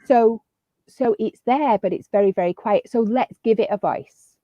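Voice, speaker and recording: Slightly muffled lo-fi audio captures a woman with a fairly high voice giving casual, upbeat parenting advice as a guest on a video call. She speaks at a moderate pace, with frequent fillers and restarts, on a dry recording.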